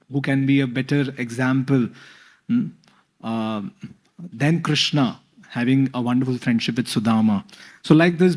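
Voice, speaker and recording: A man giving a scripture talk, pausing often with fillers. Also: medium pitch, a little mellow. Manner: hesitant, many fillers. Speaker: spiritual speaker.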